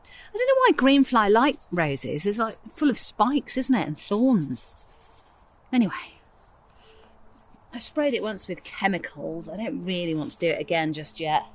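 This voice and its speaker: Woman host, middle-aged, from England, mid-pitched, chatty, self-mocking, outdoor garden recording. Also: very animated, a little slow. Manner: chatty, self-deprecating, rambling asides. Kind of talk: casual chat while gardening.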